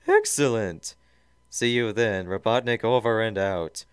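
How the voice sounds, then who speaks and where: A man voicing a blustering male mad-scientist villain in a hammy, loud reading of a fan story. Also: lowish voice, a little slow, clear, resonant tone, dry recording, studio quality, voice pushed up, close to an everyday voice. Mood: ranting.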